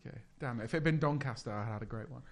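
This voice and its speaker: A man's voice: mid-range voice, rapid-fire. A man co-hosting a comedy podcast, rambling, giggling and trailing off mid-thought. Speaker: comedian co-host. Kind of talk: casual podcast banter.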